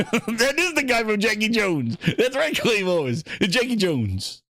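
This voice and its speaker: A man's voice: high-pitched, sing-song, slow pace, a bit bright, no echo, clean studio sound. A man hosting a gaming show, riffing in a profane, mocking, rambling way as casual reaction commentary.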